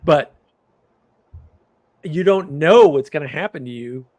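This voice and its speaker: Middle-aged man, livestream host, casual rambling chat, fairly high voice, animated storytelling. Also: slow.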